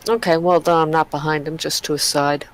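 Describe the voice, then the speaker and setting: A player in a tabletop game, hesitant and soft-spoken as they choose their moves. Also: mid-range voice, level tone, a little fast, rough recording.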